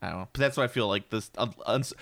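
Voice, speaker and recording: A man's voice: lowish voice, very fast, gravelly, a bit bright. A man in casual podcast chat, ranting with lots of swearing and acting out quotes in silly voices. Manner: profane, ranting, acts out quotes in funny voices.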